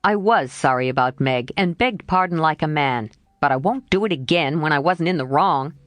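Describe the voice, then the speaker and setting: A proud, sulky teenage boy in a classic storybook, as a woman narrator puts him on. The voice drops lower and growls with offended pride, and the delivery stays lively and close to the mic. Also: moderate pace, no room sound. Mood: indignant.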